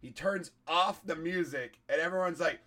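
A man with a hoarse voice, pitched a little high, spins a story as a comedian on a podcast. He talks casually and swears often. He acts out the people in the story as he goes. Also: normal speed. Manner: profane, animated storytelling with quoted voices.

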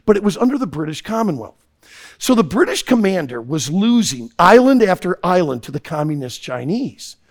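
A man preaching a sermon to young people, hammering his points through emphatic repetition and storytelling. His voice sits fairly high, carries a gravelly texture and swings widely in pitch.

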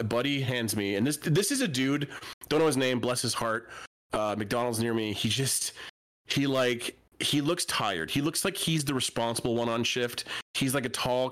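A man's voice: medium pitch, a bit bright. A man from Canada telling a rambling, profane anecdote in casual podcast chat, laughing as he goes. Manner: profane, rambling, laughs through his story. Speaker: podcast co-host.

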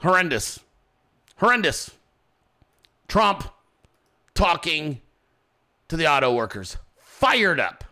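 Animated, crude-talking man reacting. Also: fairly high pitch, slow pace, pauses often. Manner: animated, crude, mocking, swings between mutters and loud outbursts. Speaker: political commentary streamer. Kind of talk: profane reaction commentary.

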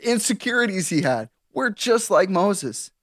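A man chats on a faith podcast with a fairly high, animated voice, often laughing. He reads scripture aloud, then retells it in slangy modern words. He is recorded close up on a dry studio mic. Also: a little slow, no room sound. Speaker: podcast co-host. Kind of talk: casual faith podcast chat, reading scripture.

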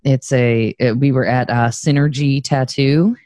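A woman's voice: very deep voice, steady tone, measured pace, mellow, no echo. A woman co-hosting a podcast in casual chat, rambling and chatty as she promotes her project. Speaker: podcast co-host.

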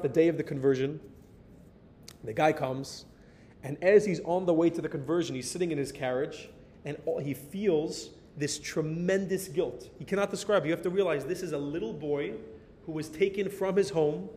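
An American man telling a story in a sermon as a Torah teacher, animated and dropping in Hebrew and Yiddish words. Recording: reverberant hall with faint rumble.

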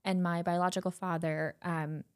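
A woman's voice: fairly low pitch, little pitch movement, moderate pace. A woman from Germany, hosting a casual podcast chat and telling stories in an encouraging way. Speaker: podcast host. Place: recording studio.

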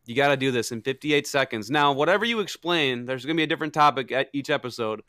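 A man's voice: medium pitch, expressive, quick pace, bright, forceful tone, no room sound, studio quality. A young man hosting a casual podcast chat, teasing his co-hosts and moving the segments along. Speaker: podcast host.

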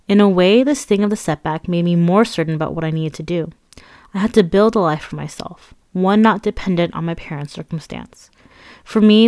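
A woman's voice: on the low side, a little mellow, dry recording. A woman narrating her own memoir with a candid, wry, conversational manner.

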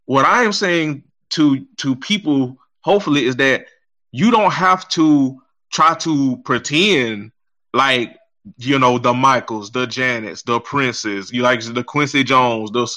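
A man's voice: mid-range voice, slow, bright, forceful tone. A man co-hosting a podcast, ranting in heated, exasperated commentary and swearing heavily.

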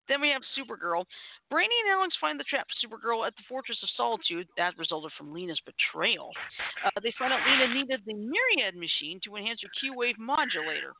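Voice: medium pitch, very noisy. A host of an uncensored internet radio show, chatting casually and playfully and laughing often. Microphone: phone line. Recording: tinny phone-line audio.

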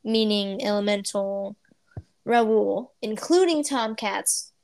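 A woman co-hosting a podcast in casual chat, supportive, quick to laugh and giving short replies. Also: medium pitch, a little mellow, no echo. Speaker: podcast co-host.

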